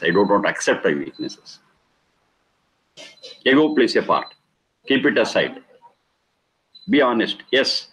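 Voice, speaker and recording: A man's voice: medium pitch, sing-song, measured pace, pauses often, a bit bright, rough recording. A middle-aged man giving a spiritual discourse, stressing and repeating key words and explaining Sanskrit terms. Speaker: Vedic teacher.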